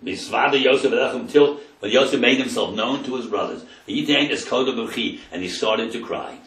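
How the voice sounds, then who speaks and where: Rabbi teaching a Torah class, dramatic storyteller, sharp bright tone, mic set back in a roomy hall. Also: male voice, mid-range voice, fairly quick. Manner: dramatic storyteller, translating verse by verse. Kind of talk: Torah lesson retelling scripture. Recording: roomy sound from a distant mic.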